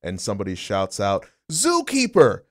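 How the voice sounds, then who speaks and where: A man's voice: lowish voice, animated, brisk, slight background noise. A man co-hosting a casual radio talk show, easygoing with announcer-style asides.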